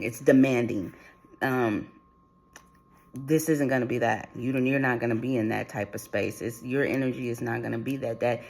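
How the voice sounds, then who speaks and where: Here a man with a creaky, medium-pitched voice channels a spiritual reading for viewers. His speech is rambling and repetitive, with frequent restarts and filler words.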